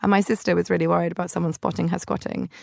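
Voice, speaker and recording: A young woman with a fairly low, creaky, darkish voice hosts a podcast, rattling off funny travel stories in a flat, rapid-fire delivery. Her casual monologue is chatty and self-mocking, and she imitates her family members' voices; the recording is clean studio sound with no echo.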